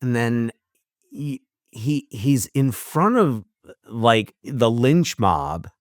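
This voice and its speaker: An excitable man co-hosting a podcast, talking casually about a film and tumbling through half-finished thoughts. His voice sits in an ordinary middle pitch. The recording is dry and close, with no room around it. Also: drawn-out words, no echo. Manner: excitable, thinks out loud with many restarts. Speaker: podcast co-host.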